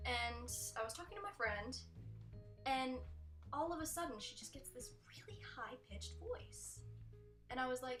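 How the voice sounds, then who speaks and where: A woman's voice: fairly high pitch, lively intonation, brisk, fairly bright tone, far from the mic. A young woman doing a sarcastic comic countdown monologue, slipping in mocking impressions. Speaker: comedy vlogger. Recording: echoey room with faint music.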